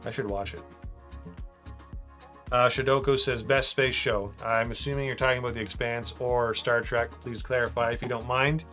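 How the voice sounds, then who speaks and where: Casual male streamer, bright forward tone, laid-back chat with faint music underneath. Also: medium pitch, steady tone, normal speed. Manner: chatty, reads out viewer comments, says "man" a lot. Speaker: livestream host building a brick model.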